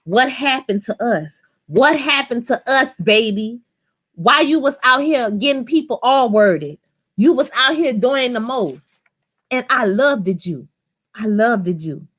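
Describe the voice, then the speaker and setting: A woman playing a heartbroken woman who lingers over every word as she pleads with a lover who let her down. Her delivery is slow, drawn out and full of longing. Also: on the high side, animated, fairly bright tone. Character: heartbroken woman pouring out old love.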